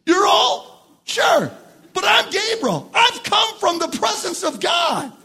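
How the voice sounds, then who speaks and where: A male preacher voicing the archangel Gabriel as commanding and emphatic, shouting slowly and forcefully. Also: extremely high pitch, very animated, gravelly, voice pushed up, heavily acted.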